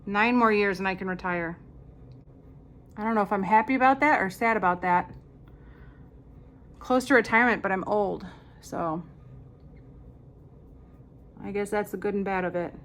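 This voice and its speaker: A woman's voice: mid-range voice, normal speed, long pauses, fairly bright tone. A woman in her fifties chatting casually while doing her makeup, rambling through stories with dry, sarcastic asides. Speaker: makeup vlogger. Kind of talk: casual get-ready-with-me chat.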